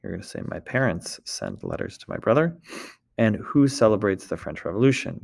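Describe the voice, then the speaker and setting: A man's voice: on the low side, wildly swooping pitch, a little fast, creaky. A man teaching a recorded French lesson, explaining step by step and often checking in with the class.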